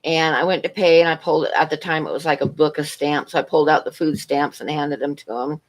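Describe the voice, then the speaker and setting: A middle-aged woman with a fairly low voice chats casually on a livestream. She wanders through a long personal story and stops to greet viewers and answer their questions. Her talk is loose and full of asides. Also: steady tone, brisk. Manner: rambling storytelling, answers chat between stories. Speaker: livestream host.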